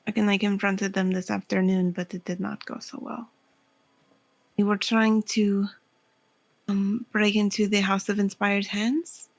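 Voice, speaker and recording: Speaking in character during a tabletop role-playing game, a woman pleads her case earnestly, thinking aloud as she goes. Her voice is medium in pitch, a little slow, and flat in delivery.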